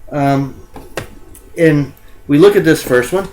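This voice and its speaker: A man's voice: on the high side, slow, darkish tone, poor audio. A male college English instructor giving a recorded lecture. He fills his speech with ums and uhs and corrects himself as he goes.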